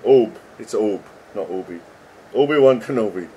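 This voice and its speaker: A man's voice: on the low side, normal speed, a little mellow, dull audio, a little hiss or hum. A middle-aged man, a game developer chatting casually and joking as he reads code names aloud. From England. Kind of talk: casual commentary while reading code.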